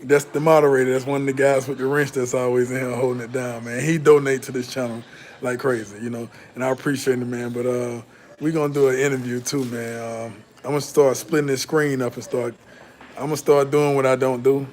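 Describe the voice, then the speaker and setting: This Southern American man hosts a casual livestream, reading viewer chat in a loose, laid-back, profane way, often repeating and restarting. His medium-pitched voice is brisk and a little mellow, with little pitch movement. Slight background noise can be heard.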